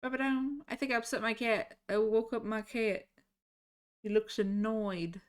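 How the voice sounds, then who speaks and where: A woman's voice: a little high, fairly even intonation, measured pace, clear, resonant tone. A woman streaming live from home, chatting casually with her viewers, easily sidetracked and swearing now and then. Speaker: livestreamer.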